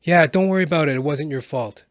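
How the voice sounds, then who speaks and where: A man's voice: fairly high pitch, quick pace, no room sound, studio quality, lightly acted. A man quoting a kind young woman on a bus, reassuring in a slightly raised voice. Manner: soothing reassurance.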